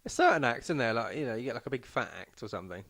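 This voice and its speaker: A man's voice: mid-range voice, sing-song, very fast, a bit bright, dry recording. A man co-hosting a casual comedy podcast, chiming in with brief, dry remarks. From England. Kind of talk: casual chat.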